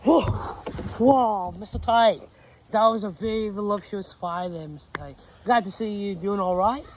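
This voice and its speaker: A man playing a fawning male interviewer in an amateur comedy skit, asking rambling questions full of fillers and flattery. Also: high-pitched, moderate pace, a little hiss or hum, natural voice, rough recording. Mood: excited.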